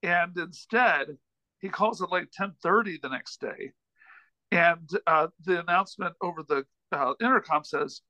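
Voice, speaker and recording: A man with a high, sharp voice tells a long, rambling anecdote, stumbling into restarts and self-deprecating asides. The sound is dry and close, with no room around it. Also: measured pace, no room sound, low-quality recording. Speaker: podcast guest, comedian and author. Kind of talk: casual storytelling in a chat.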